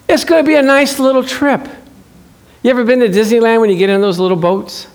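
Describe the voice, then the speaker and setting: A male pastor preaching, playful and animated, acting out scenes for his church. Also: extremely high pitch, fast talker, clean tone. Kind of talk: sermon.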